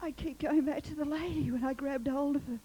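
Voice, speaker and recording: A woman taking part in a seminar exercise, speaking in halting, pained bursts. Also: sits high, steady tone, warm tone. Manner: halting, pained, often groaning. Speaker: seminar participant. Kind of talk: emotional release exercise. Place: seminar hall. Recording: seminar tape with long hall reverb.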